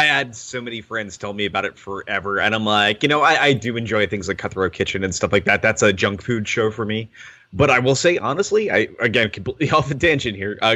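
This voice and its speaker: A man's voice: fairly low pitch, bright, forceful tone, no echo. A man co-hosting a podcast, chatting casually in a rambling way that keeps interrupting itself. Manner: rambling, self-interrupting, laughs often. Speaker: podcast co-host. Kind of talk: casual chat.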